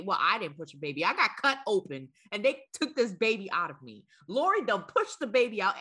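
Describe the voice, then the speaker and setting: A woman's voice: medium pitch, very animated, fairly quick, hardly any pauses, bright, forceful tone, husky. A woman co-hosting a podcast, talking in a candid, casual way, blunt and emphatic, with some swearing. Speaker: podcast co-host.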